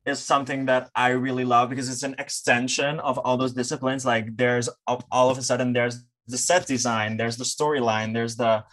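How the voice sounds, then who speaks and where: A man's voice: mid-range voice, little pitch movement, a little fast, hardly any pauses, a bit bright. A man with a Dutch accent, talking eagerly as a podcast guest in casual chat, with many fillers. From Netherlands. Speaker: podcast guest, drag performer.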